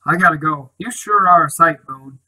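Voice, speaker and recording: A man's voice: fairly high pitch, moderate pace, sharp tone, poor audio. A man voicing a brash, cocky teenage town boy in a storybook reading, teasing and streetwise.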